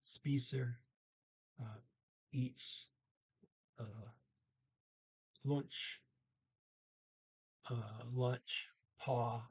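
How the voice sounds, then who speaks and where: A man's voice: mid-range voice, steady tone, slow, pauses often, breathy edge. A man teaching a language lesson, thinking aloud with many fillers and restarts, speaking.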